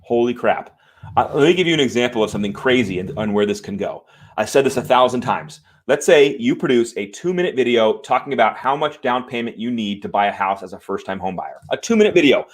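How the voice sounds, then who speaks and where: A man's voice: mid-range voice, expressive, quick pace. A man hosting a live show from home, talking to viewers in a fired-up, emphatic way and apologizing after swearing. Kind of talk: live-stream talk to viewers. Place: home room.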